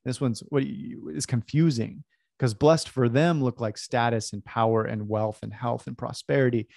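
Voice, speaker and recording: Male speaker, animated storyteller, mid pitch, close dry mic. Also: moderate pace, gravelly, no echo. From California. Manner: animated, self-deprecating storyteller. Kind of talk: storytelling talk.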